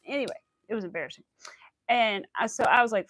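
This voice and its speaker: A woman's voice: medium pitch, fast, fairly bright tone. A young woman hosting a crochet livestream, chatting casually and rambling through stories with quoted asides. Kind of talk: casual chat while crocheting.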